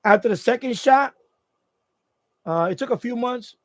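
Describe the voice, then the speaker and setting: A man's voice: very high voice, expressive, normal speed, fairly bright tone, dry recording. A man hosting a casual live stream from home, telling a story in a rambling way with many restarts. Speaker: radio hobby channel host. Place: at home, indoors.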